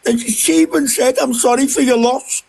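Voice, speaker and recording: A man's voice: very high-pitched, steady tone, a little fast, vocal fry, a little mellow, husky. A middle-aged man arguing defensively on a live stream, swearing and insisting he is telling the truth. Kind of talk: heated live-stream argument.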